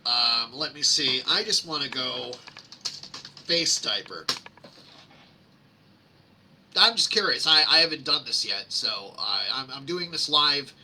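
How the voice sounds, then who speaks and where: A man hosts a casual live screen-share, reading public complaints aloud and mocking them with sarcastic asides while rambling with many fillers. His mid-range voice is gravelly, bright and forceful, with lively intonation and an unhurried pace, plus a little hiss or hum.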